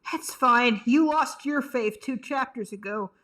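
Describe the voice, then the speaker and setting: A woman streamer reacting to a fan game, loud and swearing, swinging between shouting and near tears. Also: on the high side, a little slow. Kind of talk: emotional reaction commentary.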